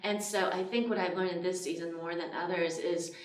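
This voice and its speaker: A woman's voice: fairly low pitch, steady tone, brisk, echoey room, far from the mic. A woman pastor talking reflectively in a casual chat, laughing now and then and using many fillers.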